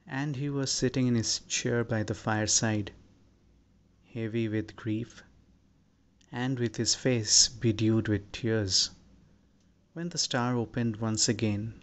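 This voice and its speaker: A man reading a storybook in a slow, measured scripted narration. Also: medium pitch. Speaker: audiobook narrator.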